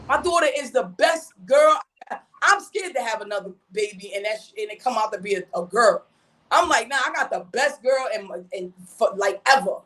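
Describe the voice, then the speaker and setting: A mother chatting on a podcast, animated and emphatic, full of slang and repeating "you know what I mean". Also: fairly high pitch. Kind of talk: casual podcast chat.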